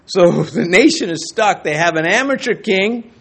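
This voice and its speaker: Lively high-voiced male pastor preaching. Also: moderate pace, creaky, slightly rough. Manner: animated preaching, acting out quoted voices. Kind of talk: sermon.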